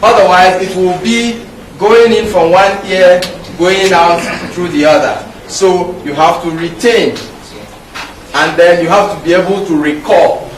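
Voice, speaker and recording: A middle-aged man with a Nigerian English accent gives a public medical lecture in a lecture hall, teaching emphatically and repetitively through anecdotes. His voice is high, steady in tone and unhurried. The hall is echoey, the mic is far off, and there's faint background noise.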